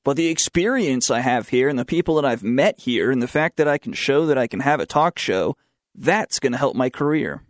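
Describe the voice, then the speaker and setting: Young opinionated talk host, dry studio. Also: male voice, medium pitch, animated, a little fast, no echo. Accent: Southern American. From southern United States. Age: young adult. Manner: sarcastic, opinionated, reads news aloud. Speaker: student talk show host. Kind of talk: opinionated talk radio monologue.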